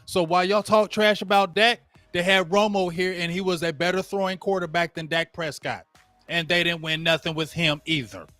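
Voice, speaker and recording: A man's voice: sits high, steady tone, moderate pace, pushed and bright, dry recording, soft background music. A man hosting a sports show, ranting casually and talking straight to his viewers during a live game watch-along. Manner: ranting, addresses viewers directly; casual slangy talk. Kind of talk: live play-by-play rant while watching a game.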